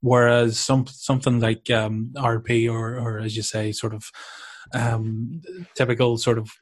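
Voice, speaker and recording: Rambling, reflective man in mid-pitched chat. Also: little pitch movement, unhurried. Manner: rambling and reflective, hedging with lots of restarts. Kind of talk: casual chat.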